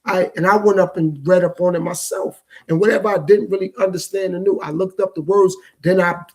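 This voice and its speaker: A man hosts his own podcast as a casual solo monologue, thinking aloud in a loose, repetitive, reflective street-talk style. His voice is high with a steady tone, and he talks a little fast.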